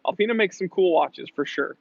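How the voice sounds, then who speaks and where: Gravelly-voiced chatty man. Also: sits high, fairly quick, dry recording, dull audio. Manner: playful, chatty, reads comments aloud. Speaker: watch channel host. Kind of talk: casual livestream Q&A. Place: Los Angeles.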